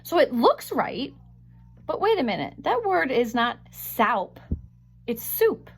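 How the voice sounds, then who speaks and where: A woman teaching a phonics lesson, sounding out words slowly and carefully on a webcam microphone. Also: high-pitched, very animated, gravelly.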